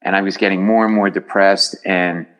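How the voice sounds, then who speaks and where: A middle-aged man, a comedian, telling stories as a podcast guest in a lively way and acting out the other people's voices. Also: low-pitched, moderate pace, low-quality recording. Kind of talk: podcast storytelling.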